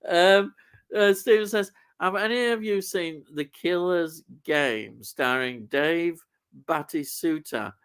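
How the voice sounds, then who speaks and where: This live-stream host hails from Leeds, England, and has a Yorkshire accent. His voice is a little high, smooth and a bit bright, delivered slowly as he casually reads viewer comments, often laughing and using words like "aye" and "lad".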